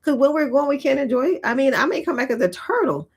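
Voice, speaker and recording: A vlogger in her thirties chats to camera in a high-pitched, animated, darkish voice at a quick pace. She's casual and reflective, laughs often, uses many fillers, and eats and sips while she talks.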